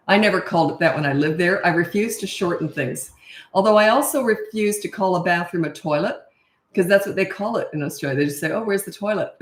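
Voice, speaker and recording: A woman who is a parenting coach, chatting casually and rambling on a live stream, laughing often. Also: on the low side. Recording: echoey room.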